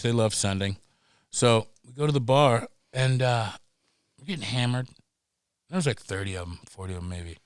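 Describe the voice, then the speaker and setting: A middle-aged man telling stories as a podcast guest, animated and profane, acting out voices as he goes. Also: medium pitch, clear, resonant tone, no echo, clean studio sound. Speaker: guest, pro snowboarder. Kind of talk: casual storytelling.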